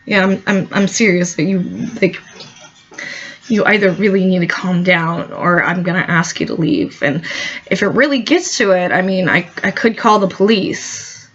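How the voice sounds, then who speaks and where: A woman voicing a calm, firm adult woman who is hosting a party. She speaks patiently and steadily, on a dull lo-fi recording. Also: on the low side, normal speed, pitched below the performer's own voice. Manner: patient, steady, level-headed.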